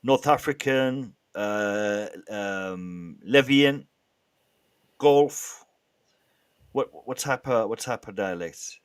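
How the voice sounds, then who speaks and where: A man hosting a casual live stream, bantering with the chat in a lively way and often restarting his sentences. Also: lowish voice, drawn-out words, clear, resonant tone. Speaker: livestream host.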